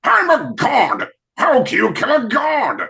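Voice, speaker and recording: Someone doing a hammy villain who thinks he's a god, gravelly, swoops way up and down, bright edge. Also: high-pitched, wildly swooping pitch, slow, heavily acted. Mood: gloating. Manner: hammy, shouting, scenery-chewing. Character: grandiose male villain claiming godhood.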